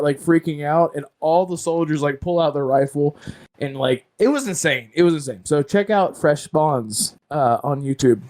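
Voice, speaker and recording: A man with a somewhat high voice is co-hosting a casual podcast chat. He rambles through a story, stopping and starting, and leans on "like" and "uh" as he goes. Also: a little mellow. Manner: rambling, halting storytelling with many fillers. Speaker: podcast co-host.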